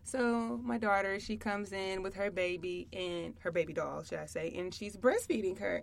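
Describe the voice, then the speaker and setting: A young woman co-hosting a casual podcast about motherhood, chatty and quick to laugh. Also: mid-range voice, gravelly. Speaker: podcast co-host. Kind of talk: casual chat.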